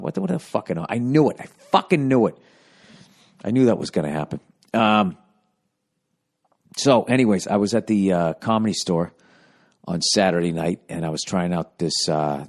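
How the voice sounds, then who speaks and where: A man's voice: deep voice, vocal fry. A man hosting his podcast, rambling through a profane, self-mocking monologue in casual chat. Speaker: podcast host.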